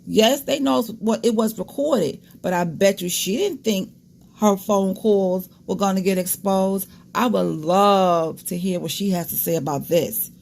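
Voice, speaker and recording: Woman host, gravelly tone, frank casual commentary to her audience. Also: medium pitch, unhurried, a little mellow, a little hiss or hum. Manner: candid, disgusted asides, talks straight to viewers.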